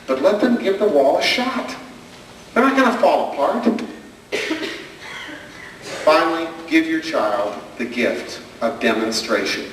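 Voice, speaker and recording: A man's voice: a little high, a bit bright, slight background noise. A man doing a stand-up comedy routine, telling stories and acting out his daughter's questions, recorded from afar on a camcorder. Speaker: stand-up comedian and parenting speaker. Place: hall with an audience. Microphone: far camcorder. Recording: echoey, distant camcorder recording of a hall.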